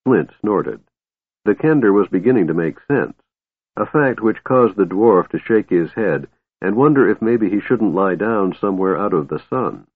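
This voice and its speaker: A man narrating a fantasy story in an expressive storytelling manner, on a dry, tinny phone-like recording. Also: on the low side, moderate pace, slightly rough. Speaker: audiobook narrator. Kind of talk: scripted narration.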